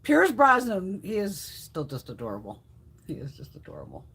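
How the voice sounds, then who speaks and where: A woman's voice: fairly low pitch, wildly swooping pitch, normal speed, fairly bright tone, husky. A woman in her fifties hosting a casual live stream, chatting and telling rambling stories, swearing freely. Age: 50s. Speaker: beauty live-stream host.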